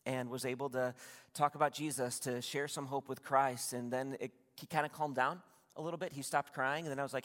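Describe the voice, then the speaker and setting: A man's voice: medium pitch, fairly quick, a bit bright. A man preaching a sermon as a pastor, telling a personal story in a conversational, confiding way with asides to the congregation. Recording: long reverb from a large room.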